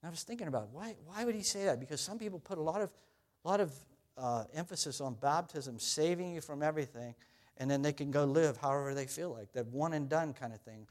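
Earnest man preaching a sermon. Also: a little fast. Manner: earnest preaching, rising loud on quotes then dropping low. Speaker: pastor.

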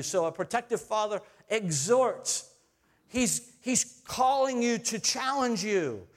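A middle-aged man preaching a sermon, telling family stories in a conversational way, rising to loud exhortation and falling to soft, tender asides. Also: a little high, unhurried. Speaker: pastor.

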